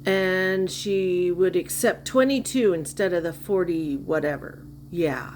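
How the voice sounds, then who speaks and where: A woman's voice: on the low side, slow pace, a little mellow, a little hiss or hum. A woman giving sarcastic, mocking reaction commentary on a livestream clip.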